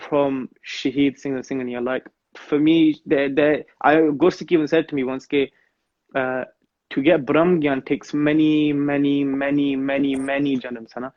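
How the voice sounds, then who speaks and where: A man's voice: medium pitch, no room sound, muffled recording. A man giving an earnest devotional talk as a guest on a live stream, mixing in Punjabi phrases.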